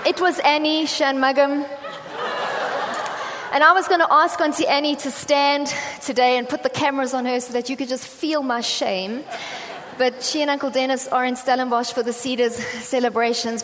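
A woman's voice: high-pitched, fairly even intonation, normal speed, a bit bright. Chatty South African woman preaching. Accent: South African English. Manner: chatty storytelling, acting out quoted voices. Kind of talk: conversational sermon. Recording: reverberant hall with faint ambient noise.

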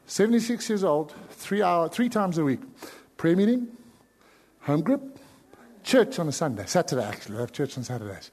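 A South African man preaching a sermon as pastor, dropping to hushed pleading and then rising to sudden loud cries. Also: on the high side, big pitch swings, moderate pace, in a large hall.

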